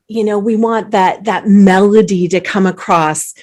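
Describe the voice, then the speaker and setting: A woman hosting an interview, talking enthusiastically with animated emphasis and frequent small repeats as she starts phrases. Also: mid-range voice, measured pace, few pauses. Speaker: host, company CEO. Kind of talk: conversational interview.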